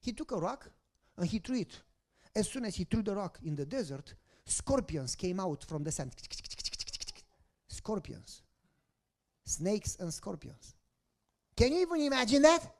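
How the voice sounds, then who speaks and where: With a high-sitting voice that rises and falls widely, a male pastor tells a story in his sermon a little slowly, leaving long pauses. He throws rhetorical questions at the congregation, alternating soft passages with loud bursts.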